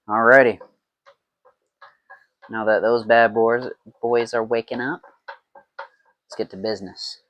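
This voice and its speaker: A man's voice: on the low side, fairly bright tone, no room sound. A man talking to himself in a playful, rambling way while making mead at home, in a casual brewing vlog. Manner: rambling, playful self-talk.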